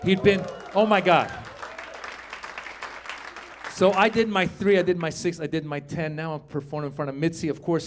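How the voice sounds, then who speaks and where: A middle-aged man doing a stand-up comedy set in a club, telling a story and acting out other people's lines. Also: fairly high pitch. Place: comedy club stage with live audience.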